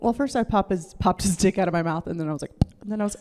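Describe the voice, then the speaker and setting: A woman's voice: medium pitch, very fast, a little mellow, in a large hall, slight background noise. A young woman comedian performing a stand-up set on a club stage into a handheld mic, rambling loosely, laughing, and acting out quotes.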